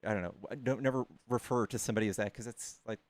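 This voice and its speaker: A man debating a caller on his stream, arguing fast, cutting in and trailing off mid-sentence. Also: on the low side. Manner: argumentative, quick to interrupt, trails off mid-sentence. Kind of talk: casual debate.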